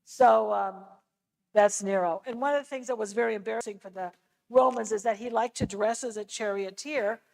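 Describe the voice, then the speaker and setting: An American woman with a high voice teaches an adult church class. She explains in a relaxed, conversational way and drops in casual asides as she goes. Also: normal speed, vocal fry, low-quality recording. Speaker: lecturer on scripture. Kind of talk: church adult-education lecture.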